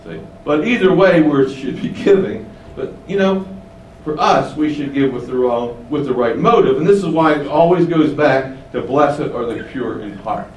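A man's voice: a little high, normal speed, hardly any pauses, roomy sound, far from the mic, a little hiss or hum, low-quality recording. A man preaching an expository sermon in a conversational way, often asking rhetorical questions and building up emphasis. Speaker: pastor.

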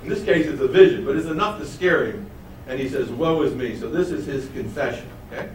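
A man's voice: medium pitch, expressive, fairly quick, darkish tone, slight background noise. Man teaching a Bible class in a roomy hall. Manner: asks the class questions and answers them himself. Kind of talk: Bible study lesson. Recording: roomy, mic at a distance.

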